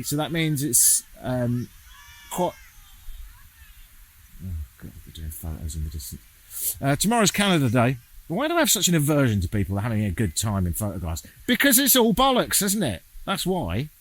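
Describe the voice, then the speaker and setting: An English man films a casual travel vlog while walking through a town outdoors. His medium-pitched voice swings hugely in pitch at a normal speed, and he's sardonic, self-mocking, and swears freely.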